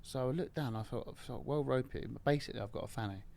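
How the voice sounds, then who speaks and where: A middle-aged man telling a story in casual podcast talk, animated and swearing, breaking into laughter. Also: mid-range voice, fast talker, creaky, slight background noise. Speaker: podcast guest.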